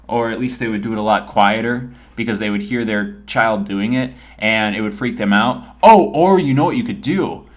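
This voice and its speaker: A man in his twenties giving joking, rambling advice over gameplay in a casual vlog. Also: on the low side. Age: 20s. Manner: joking, rambling, self-deprecating.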